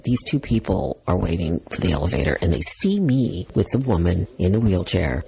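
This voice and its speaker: A middle-aged woman telling a personal story as a podcast host, animated and self-mocking, laughing as she talks and acting out what people said. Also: extremely low pitch, creaky, slightly rough. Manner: animated, self-mocking, laughs while talking, acts out quotes. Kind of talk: casual storytelling monologue.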